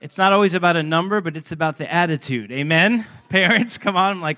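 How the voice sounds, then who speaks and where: A man's voice: high-pitched, normal speed, pushed and bright. A man in his thirties preaching a sermon to a congregation, emphatic, repeating his points and asking the listeners questions. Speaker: pastor. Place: church service.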